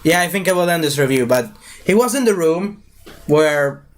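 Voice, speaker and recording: Here a young guy chats through a movie review on the fly, excitable and meandering, with plenty of filler words and grammar that falls apart. He speaks at a normal speed in a slightly high voice.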